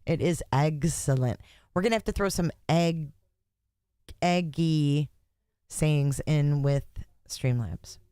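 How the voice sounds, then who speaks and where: Woman livestream host, chatty, low voice, dry close sound. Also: slow pace, warm tone, clear, resonant tone, dry recording. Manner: chatty, joking, talks to chat. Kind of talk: casual livestream commentary.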